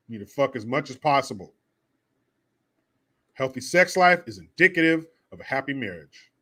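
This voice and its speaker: Male streamer, casual and profane, very animated intonation, mid-range voice. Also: medium pitch. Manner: crude, joking, profane banter. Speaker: livestream host. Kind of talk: casual livestream chat reading viewer donations.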